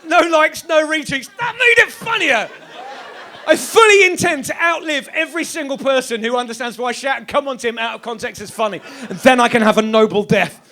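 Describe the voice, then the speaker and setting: A man performing a sweary, animated stand-up comedy set on a club stage, now and then bursting into shouts. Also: very high-pitched, brisk. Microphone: stage microphone.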